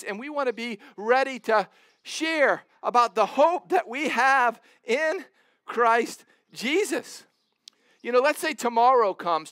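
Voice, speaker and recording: A man's voice: sits high, a bit bright, clean tone, dry recording, studio quality. A man in his forties preaching a sermon as pastor, earnest and emphatic, often repeating words and restarting.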